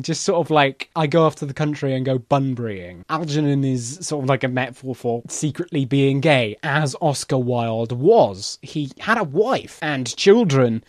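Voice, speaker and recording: A man's voice: on the high side, no echo, clean studio sound. A man reviewing a play on his vlog, enthusiastic, chatty and cheeky. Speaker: vlogger. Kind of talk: casual book review.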